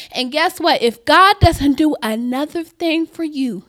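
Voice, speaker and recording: A woman preaching a sermon, reading scripture deliberately and building her points to loud, emphatic declarations. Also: high-pitched. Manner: reads scripture slowly and deliberately.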